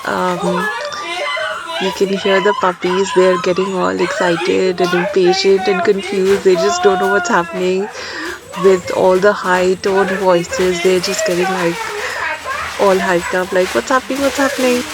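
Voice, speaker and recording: A woman's voice: lowish voice, completely flat delivery, measured pace. A young woman chatting casually through a vlog voice-over, full of fillers. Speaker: vlogger.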